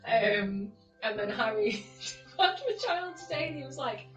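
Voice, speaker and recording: A woman's voice: high voice, normal speed, reverberant, far from the mic, muffled recording, soft background music. A young woman, a teacher, telling stories in casual chat, swearing and laughing often and acting out the people she quotes. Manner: animated storytelling, acting out quoted people with a raised voice.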